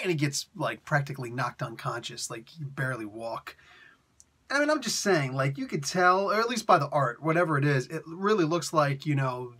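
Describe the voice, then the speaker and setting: A man's voice: on the high side, animated, brisk, a bit bright, breathy edge. A man reviewing a comic book in a casual, rambling rant, exasperated and full of mocking put-on quotes. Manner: exasperated, rambling, mock-quoting.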